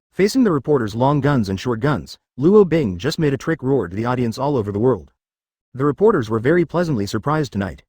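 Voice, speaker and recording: A man narrating a story in scripted audiobook style. His pitch moves in a lively way while the reading stays matter-of-fact. The sound is dry and close to the mic. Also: slightly rough, no echo.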